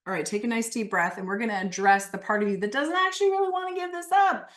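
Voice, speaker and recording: A woman leading a live online coaching session, talking slowly and emphatically through guided phrases, with lively bursts. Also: on the high side. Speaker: workshop leader.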